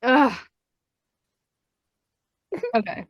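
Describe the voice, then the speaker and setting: A woman's voice: very slow, no room sound, studio quality. A woman hosting a podcast panel in casual chat, often laughing helplessly. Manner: giggly, breaks into helpless laughter. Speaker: podcast host.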